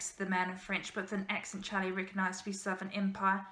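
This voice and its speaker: A woman teacher reading a children's novel aloud in steady storybook narration, with small slips. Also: medium pitch, fairly quick, hardly any pauses. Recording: roomy echo.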